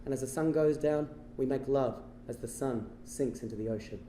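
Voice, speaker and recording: A man telling a long personal story on stage as a stand-up comedian, animated and swinging from hushed lows to shouted bursts. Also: normal speed, echoey room, slight background noise. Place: stage before a live audience.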